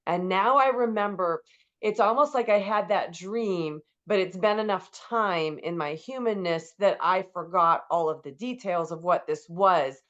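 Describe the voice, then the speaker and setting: A woman's voice: fairly low pitch, measured pace, a bit bright, highs cut off. A woman hosting an interview, talking enthusiastically and effusively, with lots of "like". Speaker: podcast host. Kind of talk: interview conversation.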